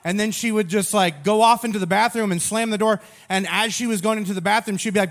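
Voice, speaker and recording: A man with a fairly high voice preaches a sermon full of jokes at his own expense. His storytelling is animated and lively, and he pokes fun at himself as he goes. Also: fast, few pauses. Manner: animated, self-mocking storytelling. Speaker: pastor. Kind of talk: humorous sermon.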